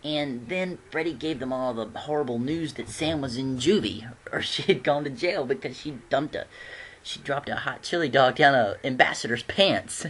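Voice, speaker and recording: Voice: mid-range voice, moderate pace, fairly bright tone, a little hiss or hum. A fan casually reviewing TV episodes, rambling with frequent restarts and giggles.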